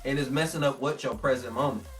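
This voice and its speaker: A man's voice: mid-range voice, fast talker, fairly bright tone, distant mic, soft background music. A man teaching a scripture lesson. He reads the old text aloud, then explains it in casual slang and acts out the voices he quotes. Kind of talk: informal religious teaching.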